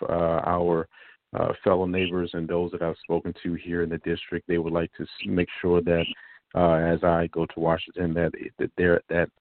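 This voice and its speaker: A man's voice: sits low, no echo. A man running for Congress, answering interview questions over the phone, with many fillers and restarts. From South Carolina Low Country. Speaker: congressional candidate. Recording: phone line.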